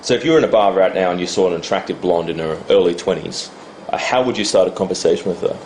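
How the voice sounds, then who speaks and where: A male interviewer who asks brisk, leading questions and gives short agreeing replies. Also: sits low, darkish tone, a little hiss or hum, poor audio.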